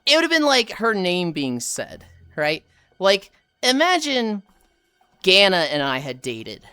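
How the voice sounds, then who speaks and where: A woman livestreaming while walking, telling a story casually to chat, animated and swearing freely. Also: lowish voice, smooth.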